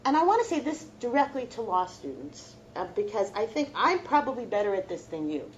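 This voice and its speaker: A middle-aged woman lectures students with heartfelt, reflective storytelling. Her voice sits a little high and moves expressively through its range. A faint hum of ambience runs underneath. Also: big pitch swings, brisk, dull audio. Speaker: law professor.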